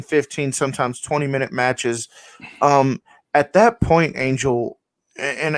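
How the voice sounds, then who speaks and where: A man's voice: mid-range voice, no echo, clean studio sound. A man hosting a podcast, asking long rambling questions with fillers. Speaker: podcast host. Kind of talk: interview question.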